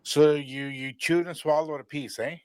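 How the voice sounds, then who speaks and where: Lively teasing male radio host. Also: a little high, normal speed, smooth, dry recording. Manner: playful teasing, lively hype. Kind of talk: bilingual radio chat.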